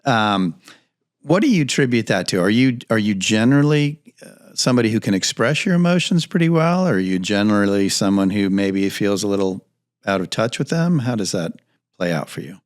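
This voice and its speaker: A man's voice: fairly low pitch, lively intonation, fairly quick, no echo, studio quality. A man co-hosting a podcast, asking thoughtful, probing questions in a tentative way. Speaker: podcast co-host. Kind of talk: interview questions.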